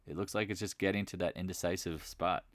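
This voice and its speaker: A man's voice: low voice, fairly even intonation, fast, dry recording, clean studio sound. A man hosting a live market chat, talking in a loose, rambling way and often restarting his sentences. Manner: rambling, conversational, restarts and repeats himself.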